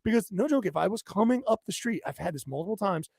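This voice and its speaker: A man's voice: high voice, animated, fast talker, vocal fry, darkish tone, slightly rough, no echo, clean studio sound. A man co-hosting a casual podcast, telling a heated, profane story as a rant. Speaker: podcast co-host.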